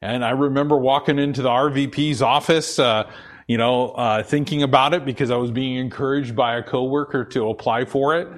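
A man's voice: mid-range voice, steady tone, a little fast. A middle-aged man giving a conversational sermon and personal testimony, earnest and hesitant, with many fillers and restarts. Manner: earnest, confessional. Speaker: lay preacher.

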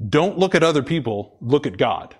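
A man's voice: mid-range voice, big pitch swings, normal speed, husky. A man preaching a sermon, repeating key phrases for emphasis and often stumbling and restarting. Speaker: pastor.

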